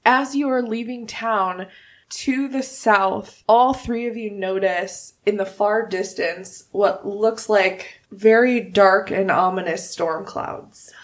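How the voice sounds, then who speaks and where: A woman narrating a tabletop role-playing game as game master, telling the story in a measured way. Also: medium pitch.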